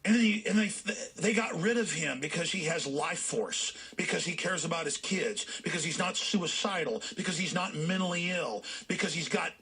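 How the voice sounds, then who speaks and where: A man hosting a talk show, delivering a fiery political rant that swings into shouting. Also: fairly high pitch, animated, normal speed, hardly any pauses, slightly rough.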